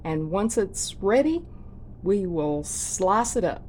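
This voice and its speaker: A woman's voice: medium pitch, very animated, slow, darkish tone, a little hiss or hum. A woman hosting a homestead cooking vlog from her kitchen, chatting to viewers in a folksy way. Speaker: homestead cooking channel host. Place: home kitchen.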